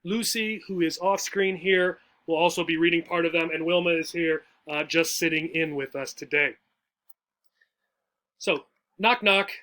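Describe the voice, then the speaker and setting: Male teacher, high-pitched, patient explainer, keeps asking "right?", lesson for English learners. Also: measured pace, pushed and bright. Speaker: adult education teacher.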